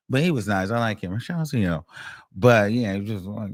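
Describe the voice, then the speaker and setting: A man hosting a casual commentary show, telling a courtroom story in with animated, profane delivery and bursts of laughter. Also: fairly low pitch, normal speed.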